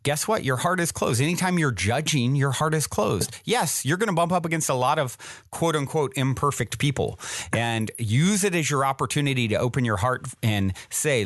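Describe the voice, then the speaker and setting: A man's voice: medium pitch, lively intonation, moderate pace, no room sound, clean studio sound. Earnest uplifting male podcast host. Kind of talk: casual conversation.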